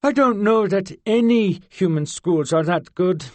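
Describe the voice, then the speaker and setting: A man's voice: sits high, unhurried, a little mellow, no room sound, pitched above the performer's own voice. A male narrator voicing a haughty, curious fairy girl with a British accent and formal, old-fashioned phrasing. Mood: wondering.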